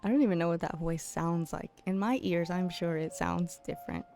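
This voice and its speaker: A woman streaming a game late at night, chatting casually and playfully with her viewers, teasing and giggling and sometimes dropping to a hush. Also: lowish voice, a little fast, vocal fry, soft background music. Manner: drops to a hushed late-night voice at times. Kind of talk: casual chat with live viewers.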